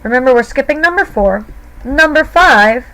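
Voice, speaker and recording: A woman's voice: sits high, expressive, moderate pace, sharp tone, rough recording. A woman teacher explaining grammar to her students patiently, step by step, in a recorded lesson. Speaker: Spanish teacher.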